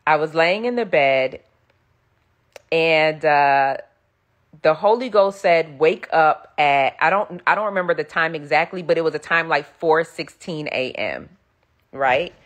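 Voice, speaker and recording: A middle-aged woman preacher giving an animated testimony, acting out the voices she quotes. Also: deep voice, a little slow. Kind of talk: sermon-style storytelling.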